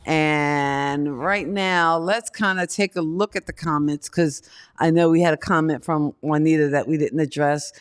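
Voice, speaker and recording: A man's voice: on the high side, measured pace, clear, resonant tone. A man co-hosting a casual podcast chat, reading viewer comments and leading the segments. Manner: relaxed, leads the show segments and reads comments. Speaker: co-host.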